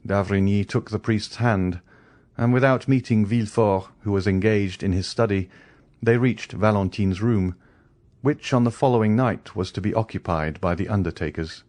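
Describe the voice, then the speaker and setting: A man reads a classic novel aloud in a measured, even manner. His voice is low. The recording is dry and close. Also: dry recording. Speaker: audiobook narrator. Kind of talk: scripted narration.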